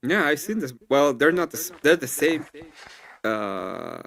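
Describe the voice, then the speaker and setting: A man's voice: a little high, very animated, a little slow, vocal fry, a bit bright. A man co-hosting a live stream, teasing playfully and giggling a lot. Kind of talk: casual live stream chat.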